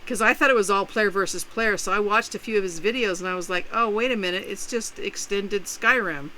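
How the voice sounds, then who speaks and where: Woman, bright forceful voice, chatty, laughs a lot, faint background noise. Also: medium pitch, quick pace, poor audio. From California. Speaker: streamer mom. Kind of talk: casual chat.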